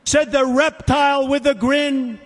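A man's voice: extremely high pitch, steady tone, unhurried. Emphatic man orating in a big hall. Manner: emphatic, repeats phrases, asks the crowd. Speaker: political speaker. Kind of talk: rally speech, reading a poem aloud. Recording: long reverb of big hall.

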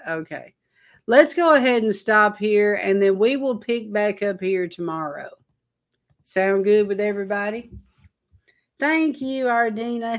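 A woman preacher giving an informal sermon to an online audience, telling a rambling story in an earnest way. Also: medium pitch.

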